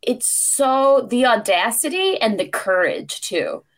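A woman's voice: on the high side, slow. A woman hosting a podcast in casual chat, telling a story with lots of laughter. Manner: animated, laughs often while telling a story. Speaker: podcast host.

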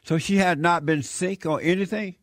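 A man's voice: high voice, steady tone, normal speed, dry recording, studio quality. An older man hosting a radio talk show, consoling a caller and repeating praise.

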